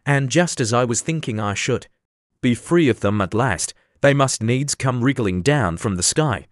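A man's voice: lively intonation, moderate pace, no echo, studio quality, natural voice. A man voicing an anxious, contemptuous mother pigeon that shrieks accusations. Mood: shrill, suspicious. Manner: shrill, accusing, sobbing complaint.

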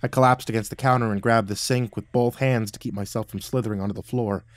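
A man reading a first-person horror story aloud, dramatic and swinging between hushed and loud. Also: fairly low pitch, fairly even intonation, quick pace, no echo.

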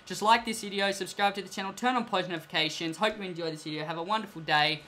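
A young man playing an online game, casually talking to viewers and trading with another player, excitable and quick to protest when crossed. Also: sits high, slight background noise. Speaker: gaming YouTuber. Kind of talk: casual gameplay commentary and trading.

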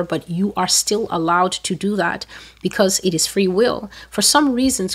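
A woman delivers a prophetic sermon in a voice of middle pitch. She speaks with strong emphasis and often rises to sudden loud peaks, sometimes slowing down and sometimes rushing ahead. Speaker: prophecy preacher. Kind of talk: sermon-style prophetic teaching.

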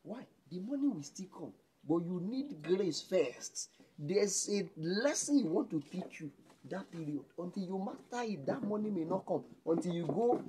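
Nigerian man, pastor preaching, emphatic, loud then hushed, faint background hiss. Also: sits high, expressive, normal speed. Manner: emphatic, swings between loud exclamations and hushed lines. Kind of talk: sermon.

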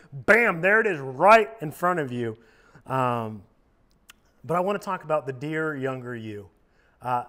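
A man who is a youth minister, giving a casual sermon in a lively, joking conversational way. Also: a little high. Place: church youth service.

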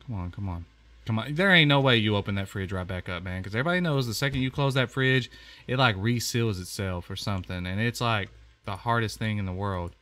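A man giving casual let's-play commentary on a horror game, chatty and quick to exclaim, often repeating himself. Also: on the low side, fairly bright tone. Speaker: gamer playing a horror game.

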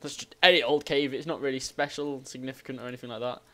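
A man hosting a gaming channel, giving rambling, excitable let's play commentary and exclaiming at the game. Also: mid-range voice, quick pace, slight background noise.

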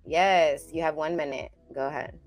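A woman hosting a comedy game show, drawn-out and encouraging, laughing often. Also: deep voice, steady tone, soft background music.

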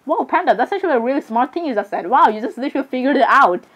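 A young woman with a somewhat high voice chats through a game, giggling often and stumbling over her words. She rambles casually, filling her talk with "literally" and "I'm sorry" asides as she reacts. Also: expressive, very fast, a bit bright. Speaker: gamer. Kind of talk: casual gameplay commentary.

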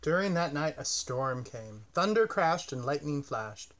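Taking his time, a man with a somewhat high voice narrates a children's picture book tenderly and expressively.

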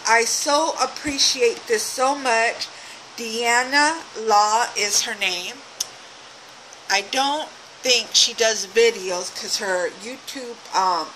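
A woman's voice: fairly high pitch, slow, sharp tone, a little hiss or hum, low-quality recording. A woman craft vlogger opening a swap package, gushing and exclaiming as she goes. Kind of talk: casual unboxing chat.

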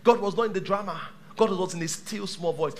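A male pastor preaching a sermon to a live church congregation, dramatic, swinging from shouts to hushed tones. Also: high-pitched, a little fast, a little hiss or hum.

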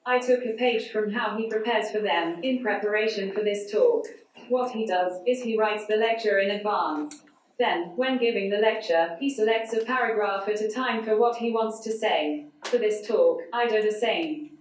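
A woman giving a conference talk through a speech synthesizer, so her voice is a flat, synthetic computer voice with no intonation. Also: mid-range voice, moderate pace, a little hiss or hum. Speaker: conference speaker. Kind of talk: prepared talk read out by text-to-speech. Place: large conference hall. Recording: echoey hall, voice from far off.

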